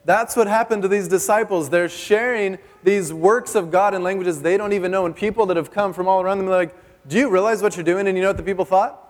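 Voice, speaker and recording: A man's voice: sits high, fairly even intonation, fast talker, few pauses. A male pastor preaching a sermon in a church hall, chatty and joking, asking the congregation questions. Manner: conversational and joking, asks the audience questions. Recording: long reverb of a church hall.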